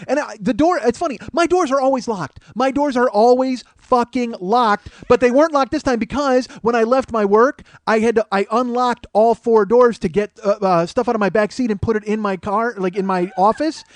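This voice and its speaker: A man hosting a podcast, telling a comic story full of swearing, growing louder and more animated as it goes. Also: very high-pitched, moderate pace, hardly any pauses, dry recording. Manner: profane, animated, rising to shouting as the story builds. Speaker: podcast host.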